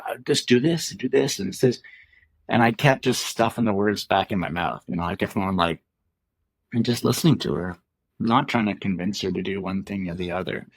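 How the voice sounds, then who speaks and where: Middle-aged male guest; very low voice, dry close sound, earnest and reflective, searches for words. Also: dry recording. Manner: earnest, thoughtful, many restarts and repeated phrases. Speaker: guest, former Olympic athlete; father. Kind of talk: reflective conversational interview.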